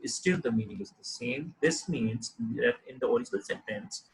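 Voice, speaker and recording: A man teaching a lesson on clear writing, explaining examples step by step with frequent fillers and restarts. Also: medium pitch, sing-song, normal speed, a little hiss or hum, low-quality recording. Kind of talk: lecture on writing.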